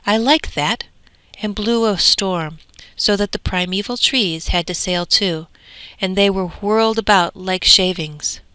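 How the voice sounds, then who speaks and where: A woman's voice: mid-range voice, a little slow, clean tone, dry recording. A woman voicing the west wind as a wild, boastful young man. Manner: lively, boastful.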